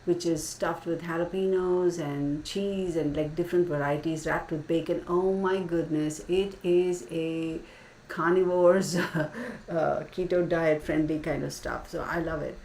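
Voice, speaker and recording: A channel host chats her way through stories on a casual livestream, laughing often and calling her audience y'all. Her low, mellow voice keeps a fairly even intonation and an unhurried pace. She's off-mic in an echoey room, with faint hiss on the recording.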